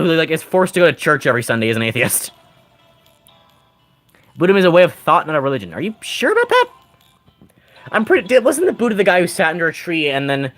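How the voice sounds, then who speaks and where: A man rambles through casual game commentary, answering his chat with jokes and frequent laughter. His voice sits high for a man and swings lively up and down, and faint music plays behind him. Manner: rambling, jokey, laughs often. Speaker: gaming streamer.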